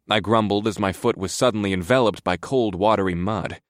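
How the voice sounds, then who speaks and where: Man, very low voice, wry grumbling first-person narration, dry close mic. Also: brisk, no echo. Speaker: audiobook narrator.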